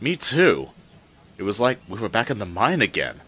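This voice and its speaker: A man voicing an anxious, eager young male tank engine with a high, emotional voice. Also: sing-song, moderate pace, a bit bright, breathy edge, exaggerated voice. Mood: worried. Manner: high, emotional, stammering when upset. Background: music.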